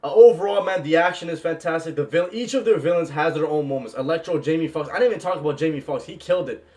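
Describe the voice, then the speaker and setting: A young man gushes about a film he loved, in an excited and casual reaction style. His voice sits a little high, and he keeps throwing in "bro" and "man" as he talks. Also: fast talker. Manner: gushing, repeats "bro" and "man", bursts into yells. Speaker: movie reaction vlogger.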